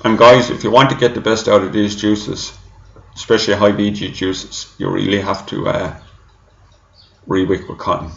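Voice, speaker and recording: A man with a fairly low voice talks through a product review in a loose, rambling way, often stopping to correct himself. The sound is dull and lo-fi, with the echo of a bare room around him. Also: flat delivery, moderate pace, creaky, a bit bright. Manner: chatty, rambling, self-correcting. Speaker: e-juice reviewer.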